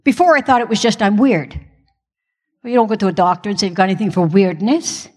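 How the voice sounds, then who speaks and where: This middle-aged woman, married to a pastor, gives a frank testimony to her church with self-deprecating humor. She talks fast in a medium-pitched voice that's a little mellow and slightly rough, with long reverb from the hall.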